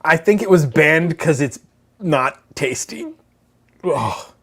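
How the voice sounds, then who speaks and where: A man's voice: fairly high pitch, lively intonation, takes it slowly, fairly bright tone, slightly rough. A man co-hosting a live stream as the dad, chatting casually and groaning and joking while tasting food. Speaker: co-host, the dad.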